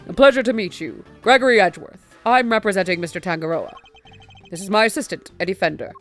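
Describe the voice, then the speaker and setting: Woman voicing a calm, formal male defense attorney; courteous, measured read. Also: medium pitch, faint music behind, natural voice.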